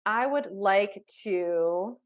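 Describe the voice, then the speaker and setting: Animated woman coaching on a video call. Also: mid-range voice, very slow. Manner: conversational, talks through examples with self-talk, frequent restarts. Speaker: life coach. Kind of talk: live online workshop teaching.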